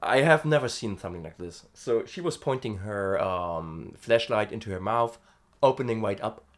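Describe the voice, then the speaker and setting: A man's voice: on the low side, animated, moderate pace. A man hosting a casual vocal-practice diary, chatty and self-amused, thinking aloud with fillers. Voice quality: gravelly fry in the voice. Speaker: host.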